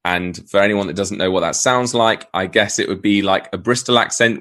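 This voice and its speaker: A man's voice: lowish voice, brisk, hardly any pauses. A man with a Southern English accent, a trained actor, chatting animatedly as a podcast guest. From Southern England. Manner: chatty, animated, laughs often. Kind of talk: casual conversation.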